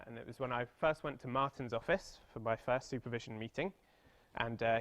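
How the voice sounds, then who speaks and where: A British man in his thirties giving a mathematics seminar talk, chatty and self-deprecating, with playful storytelling asides. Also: medium pitch. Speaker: mathematics lecturer. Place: seminar room.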